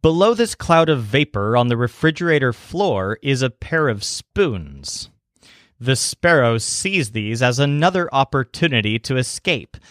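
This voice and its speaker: A man teaching a language lesson in scripted narration, slowing down to spell out foreign words and their stresses. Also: medium pitch, very animated, a bit bright, dry recording, studio quality.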